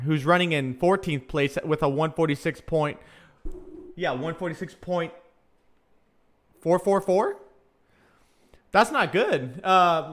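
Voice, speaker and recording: High-voiced guy, casual race streamer. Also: a bit bright. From Southern California. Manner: chatty fan, reads out viewer comments, many fillers. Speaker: live stream race commentator. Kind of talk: casual live commentary.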